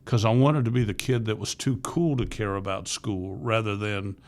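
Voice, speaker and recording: Gravelly-voiced man in his sixties, earnest. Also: fairly low pitch, moderate pace. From Florida, USA. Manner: earnest, candid, rambling with restarts. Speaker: podcast guest, youth ministry leader. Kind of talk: casual interview storytelling.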